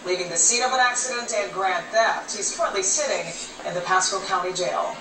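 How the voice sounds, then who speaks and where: A woman reading a TV news report in a crisp, scripted delivery. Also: medium pitch, expressive, brisk, heavy background noise. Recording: roomy audio, played back from a distance.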